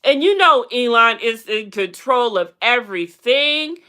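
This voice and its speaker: A woman's voice: animated, unhurried, pushed and bright, clean tone. A woman hosting a casual live stream, chatting bluntly and sassily about celebrity and reality TV gossip and calling out to viewers. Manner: sassy and blunt, with big pitch swings. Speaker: livestream host.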